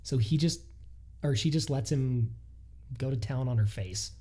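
A man co-hosting a podcast, telling a listener's story in a casual, animated way with frequent laughs. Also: mid-range voice. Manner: animated, laughs often, quick asides. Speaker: podcast co-host.

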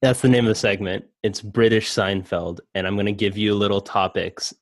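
A man's voice: lowish voice, steady tone, normal speed, no room sound, studio quality. A young man hosting a casual comedy chat, joking loosely and laughing often. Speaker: podcast host.

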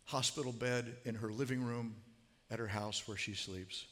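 A man's voice: mid-range voice, steady tone, normal speed, fairly bright tone. A man telling a story in a sermon, earnest and growing emphatic as he quotes. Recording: long hall reverb.

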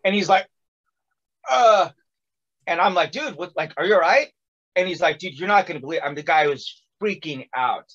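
A man's voice: a little high, fast, hardly any pauses, lo-fi sound. A man telling a long personal story in casual conversation, acting out quotes with lots of fillers. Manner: animated, acts out quotes with many fillers.

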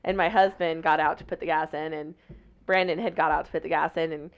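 A woman in her thirties co-hosting a casual podcast, telling animated stories and laughing often. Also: sits low, brisk, dull audio. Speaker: podcast co-host. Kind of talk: casual chat. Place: indoors, on a couch.

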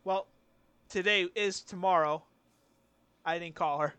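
A man's voice: high voice, a little slow, bright, forceful tone, clear, resonant tone, no echo. A young man co-hosting a podcast, telling a rambling story with casual swearing. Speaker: podcast co-host. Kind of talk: casual chat.

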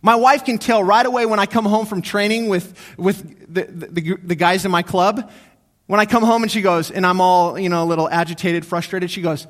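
High-voiced pastor preaching with dramatic swings. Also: male voice, steady tone. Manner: swings between hushed, slow reflection and raised, urgent exhortation; repeats key phrases for emphasis. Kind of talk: sermon. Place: church.

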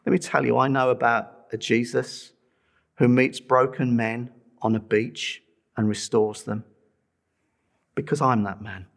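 A man's voice: medium pitch, fairly even intonation, unhurried, vocal fry. A middle-aged man preaching a sermon, telling a personal testimony with earnest feeling and pleading with listeners to respond.

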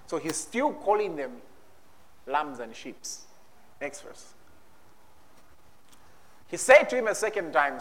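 A man's voice: mid-range voice, lively intonation, moderate pace, long pauses, a little hiss or hum. A man preaching a sermon, reading scripture dramatically and slipping in humorous asides. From Zambia. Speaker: pastor.

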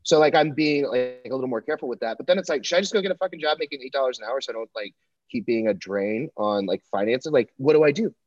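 A young man, a comedian, chatting casually in a rambling, profane, animated way. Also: mid-range voice, quick pace, no echo. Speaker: comedian and podcast co-host. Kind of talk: casual chat. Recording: dull lo-fi dry sound.

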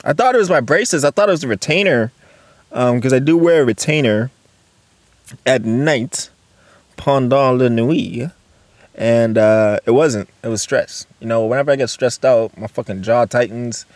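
A man hosting a solo casual podcast, rambling and swearing, jumping between loud outbursts and low mutters, recorded on a phone and laptop. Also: moderate pace, dry recording. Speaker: podcast host.

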